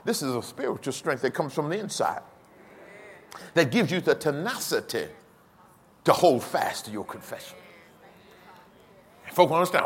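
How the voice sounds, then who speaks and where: A man's voice: fairly high pitch, gravelly, a little hiss or hum. A man in his sixties, a pastor preaching a sermon with emphatic repetition and chuckling asides to the congregation. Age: 60s. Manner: emphatic preaching with repeated call-and-response.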